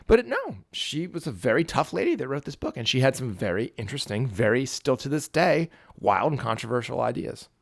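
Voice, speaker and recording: A man's voice: mid-range voice, big pitch swings, fairly quick, vocal fry, few pauses. A man hosting a podcast, talking casually and profanely about a book, with frequent restarts. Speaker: podcast host.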